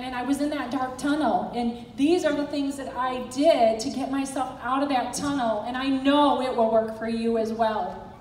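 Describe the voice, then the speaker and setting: A woman's voice: high-pitched, a little hiss or hum. A middle-aged woman giving an earnest, encouraging motivational talk as a direct sales team director. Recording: echoey hall from far off.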